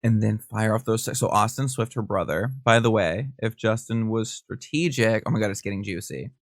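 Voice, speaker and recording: A man hosting a podcast, reading messages aloud and reacting with quick, gossipy asides. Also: fairly low pitch, dry recording, clean studio sound. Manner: animated, gossipy, reads texts aloud with quick asides and laughs. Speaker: podcast host. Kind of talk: casual reaction commentary.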